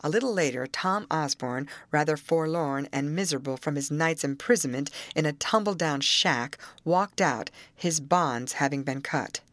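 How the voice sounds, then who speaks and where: A woman reads a novel aloud in a measured, steady narration. Her voice sits low, and the recording is dry and close with no room sound. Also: no echo. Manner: measured, even storytelling. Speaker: audiobook narrator. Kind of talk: scripted audiobook narration.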